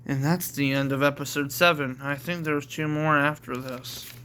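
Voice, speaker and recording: A man's voice: on the high side, steady tone, normal speed, pushed and bright, slight background noise. A man reading his own homemade story aloud, plainly and with self-corrections.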